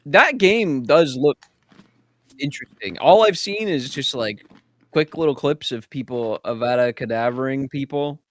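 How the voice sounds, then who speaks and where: A man chatting casually as a podcast guest, excitable and swearing freely. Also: mid-range voice, a little slow, no room sound. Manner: excitable, swears and laughs loudly. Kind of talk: casual chat.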